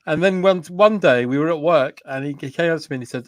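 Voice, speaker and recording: A man's voice: a little high, fast talker, few pauses, dry recording, studio quality. A man co-hosting a casual comedy chat, telling playful anecdotes and putting on quoted voices. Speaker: co-host.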